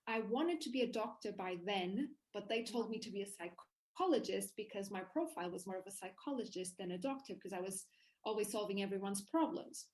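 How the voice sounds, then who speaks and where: A woman guest in a casual interview, recounting her own story in an animated way, often restarting her sentences. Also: mid-range voice, fairly quick, poor audio.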